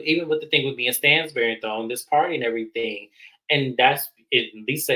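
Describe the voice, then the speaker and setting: A man co-hosting a casual reality TV recap, acting out quotes in an animated way. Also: low-quality recording. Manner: animated, acts out quotes with raised pitch. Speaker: recap show co-host. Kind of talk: casual review chat.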